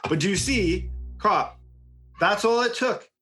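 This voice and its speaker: A man's voice: high-pitched, slow pace, bright, forceful tone, faint music behind. A young man telling a wild story in casual chat, swearing, laughing and acting out what people said. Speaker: podcast host telling a story.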